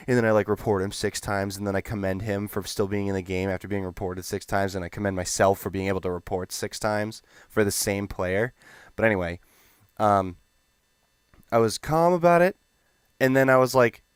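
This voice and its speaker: A young man telling a gaming story in a rambling, animated, profane way. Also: on the low side, fairly quick, clean tone, no echo. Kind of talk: casual storytelling.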